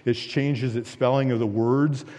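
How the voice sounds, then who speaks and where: A male pastor delivers an emphatic sermon, building repeated phrases and asking rhetorical questions. His voice is warm and mellow at an ordinary pitch. It rings out with the long reverb of a church hall. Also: steady tone, unhurried. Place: church sanctuary.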